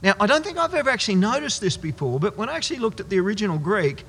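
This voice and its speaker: Animated male preacher in an echoey hall. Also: sits high, slightly rough. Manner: emphatic, slowing right down on key words. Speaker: pastor. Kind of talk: sermon.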